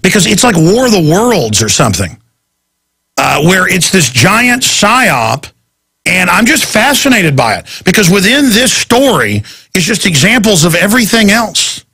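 Gravelly, heated talk radio host. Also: male voice, high-pitched, big pitch swings, a little slow, sharp tone. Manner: heated, rambling and indignant.

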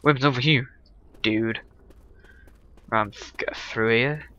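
A man's voice: mid-range voice, slow pace, bright, forceful tone, dull audio. A man giving sarcastic, exclaiming commentary while playing a video game. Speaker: gaming video host. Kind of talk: let's play commentary.

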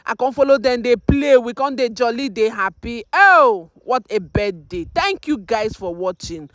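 A Nigerian woman tells the story in a high voice that keeps breaking into exclamations. The sound is dry and close, with no room around it. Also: lively intonation, unhurried, fairly bright tone, dry recording. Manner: exclaiming, mixes Pidgin into English. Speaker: mother narrating her birthday. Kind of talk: emotional voice-over narration.

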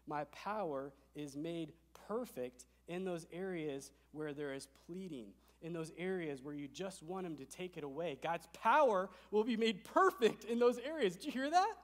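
A man with a slightly high voice preaches to his congregation, pressing each point with emphasis. He drops to a hush, then climbs loud again. His voice rings with long reverb through the church sanctuary. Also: animated, normal speed, hardly any pauses. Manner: emphatic, swings between soft and loud. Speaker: pastor. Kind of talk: sermon.

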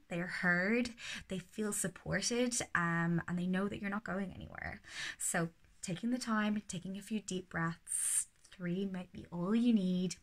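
A woman giving casual parenting advice, calm and steady, sometimes slipping into a soothing sing-song. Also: on the low side, normal speed. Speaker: parenting educator.

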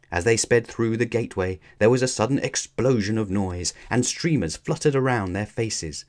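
A man reading a children's storybook aloud in a measured, expressive way. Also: on the low side. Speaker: children's book reader.

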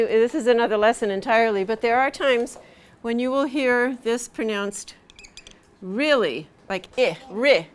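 A woman teaching English pronunciation in a live lesson, patiently drilling vowel sounds slowly over and over. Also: a little high, smooth.

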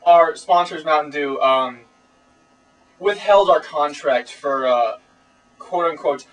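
A man's voice: fairly high pitch, takes it slowly, fairly bright tone. A teenage boy co-hosting a comedy web show, lecturing in a pompous, mock-serious way. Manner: pompous, preachy mock authority. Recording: voice distant from camera mic.

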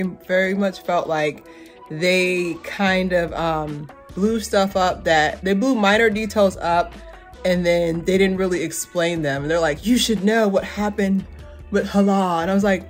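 A young adult woman casually reviewing a movie, rambling and animated, full of fillers and asides. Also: fairly low pitch.

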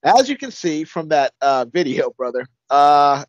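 High-voiced man hosting on dull audio. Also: very animated, measured pace, no echo. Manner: incredulous, chuckling. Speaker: co-host. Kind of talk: casual commentary.

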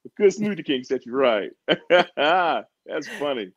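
A man's voice: a little high, very animated, takes it slowly, a bit bright, dull audio. A man being interviewed as a wrestler, talking in a laid-back, slangy way and laughing often. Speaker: wrestler guest. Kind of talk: casual interview chat.

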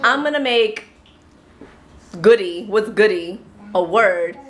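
A woman's voice: mid-range voice, animated, takes it slowly. A woman, a mother chatting playfully in a daily vlog and dropping in Spanish phrases. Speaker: vlogger and mother. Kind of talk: casual daily vlog chat.

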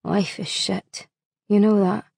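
A woman voicing a weary, scruffy middle-aged male hitchhiker who talks in a glum, defensive monotone. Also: mid-range voice, normal speed, no room sound, studio quality, natural voice. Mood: bleak.

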